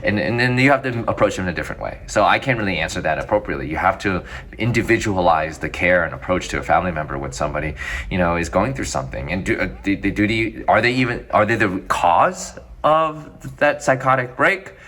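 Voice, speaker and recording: Fast-talking deep-voiced man, rambling answers. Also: expressive, a bit bright. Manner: quick, rambling, self-correcting answers. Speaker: physician guest. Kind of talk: casual interview.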